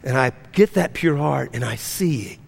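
A man preaching a sermon as pastor to a congregation, swinging between fervent rising lines and hushed, low-key storytelling. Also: animated, unhurried, vocal fry, husky. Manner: preaching with rising intensity and drops to a near-hush. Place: church.

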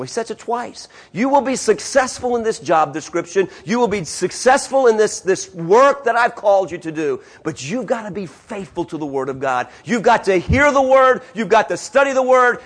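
A man with a high voice delivers a sermon. He reads scripture and hammers his points home through repetition, sliding between hushed, low stretches and raised, insistent ones. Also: expressive, moderate pace, few pauses. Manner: emphatic, repeating phrases and swinging from hushed to raised. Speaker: preacher.

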